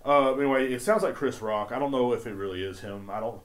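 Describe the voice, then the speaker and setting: A man's voice: medium pitch, fast talker. A man hosting a podcast in casual chat, rambling and laid-back, swearing often and leaning on fillers. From Texas. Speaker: podcast host.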